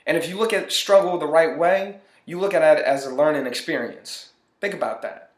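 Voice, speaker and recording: A man's voice: a little high, normal speed. Earnest man with a roomy echo. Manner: earnest, repeats phrases for emphasis. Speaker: motivational speaker. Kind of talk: motivational monologue.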